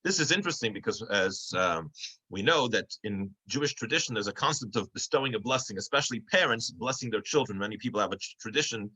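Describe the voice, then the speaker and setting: Bright-voiced man teaching an online class. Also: on the low side, expressive, fast, breathy edge, poor audio. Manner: conversational, many fillers and restarts. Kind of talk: online class storytelling lecture. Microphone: video call.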